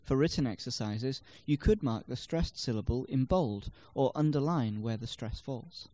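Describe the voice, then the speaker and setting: This is instructional narration from a script for a language class, read by a man whose mid-range voice sounds mellow and lively in intonation. He is measured and explanatory, illustrating word stress with example sentences.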